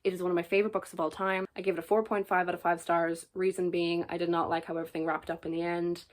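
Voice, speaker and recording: A woman with a somewhat low voice chats casually to her camera as a book reviewer. She is jokey and enthusiastic as she talks through her picks. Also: little pitch movement, fast talker.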